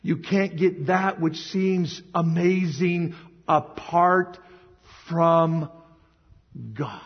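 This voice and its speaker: Husky-voiced, emotional preacher. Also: male voice, on the high side, fairly even intonation, drawn-out words. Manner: emotional, emphatic, swings to shouting. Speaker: pastor. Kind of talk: sermon. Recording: echoey hall, dull lo-fi sound.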